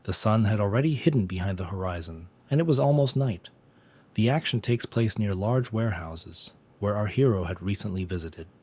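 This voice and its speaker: Low-voiced man narrating a recap. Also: expressive, brisk, a little mellow, slightly rough. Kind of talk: scripted narration.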